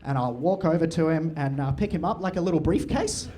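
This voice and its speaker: A young man doing crude, deadpan, absurd stand-up storytelling on a comedy club stage. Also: on the high side, a little fast. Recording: live venue, room noise and audience.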